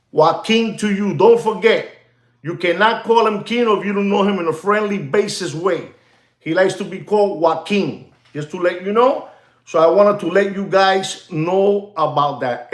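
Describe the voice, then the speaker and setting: A man hosting a live show, talking in animated, repetitive fashion and slipping in Spanish phrases. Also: sits high, echoey room. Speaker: host of a live watch market show. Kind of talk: rambling live-stream commentary.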